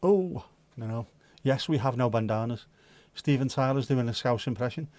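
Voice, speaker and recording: A man's voice: mid-range voice, normal speed, hardly any pauses, a little mellow, no echo. Jokey, sweary man hosting. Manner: jokey, sweary and self-mocking. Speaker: livestream host. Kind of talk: casual chat reading viewer comments.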